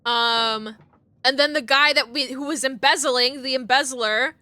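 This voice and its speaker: A woman's voice: sits high, normal speed, sharp tone, dry recording. A young woman streaming a game live, reading its text aloud and reacting with gasps, shrieks and lots of swearing.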